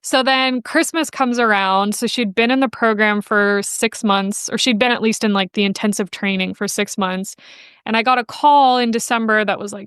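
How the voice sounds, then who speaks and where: Smooth, clear-voiced woman telling a story. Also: mid-range voice, fairly even intonation, normal speed, a bit bright, no echo, studio quality. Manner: chatty and emotional, quotes people in playful voices. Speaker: podcast guest, animal welfare researcher. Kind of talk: casual interview storytelling.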